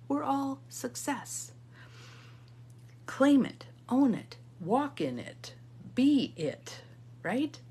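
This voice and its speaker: A woman's voice: medium pitch, warm tone, husky. A middle-aged woman giving an upbeat coaching talk, repeating key phrases for emphasis and reading viewer comments aloud. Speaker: intuitive guidance coach. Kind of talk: live motivational coaching talk.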